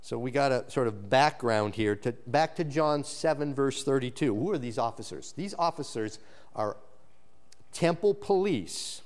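A male pastor preaching an expository sermon, shifting between low emphatic lines and raised animated ones, often restarting his words. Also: normal speed. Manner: frequent restarts and repeated words.

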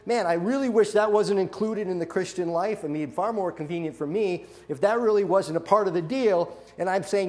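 A man preaching a sermon, animated, acting out quoted voices and often restarting his sentences. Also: high-pitched, fairly quick, hardly any pauses. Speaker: pastor.

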